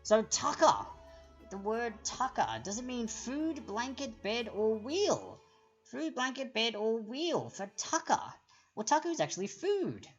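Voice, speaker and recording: A woman's voice: a little high, very animated, unhurried, slightly rough, faint music behind. Chatty Australian woman hosting a quiz. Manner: chatty and explanatory, reads out options and answers chat comments. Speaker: trivia quiz host. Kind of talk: live-streamed quiz hosting. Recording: dull lo-fi stream audio.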